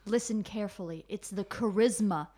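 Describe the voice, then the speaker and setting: A woman's voice: mid-range voice, moderate pace, mellow, close to an everyday voice. A woman reading the part of a 43-year-old woman who runs a fashion school, in a stilted manner and often breaking into giggles. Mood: amused, grand. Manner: stilted read with frequent giggles.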